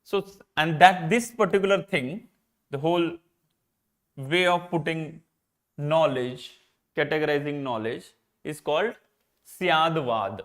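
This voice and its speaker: Here a high-voiced Indian philosophy teacher gives a live exam-prep lecture in Indian English, moving slowly and pausing often. He raises rhetorical questions only to answer them, restates his main points in different words, and drifts into Hindi now and then.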